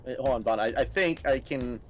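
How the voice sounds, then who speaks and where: A man's voice: medium pitch, a little fast, slight background noise. A man playing a game with friends, easygoing and laughing things off. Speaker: gaming co-player. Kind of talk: casual gaming chat.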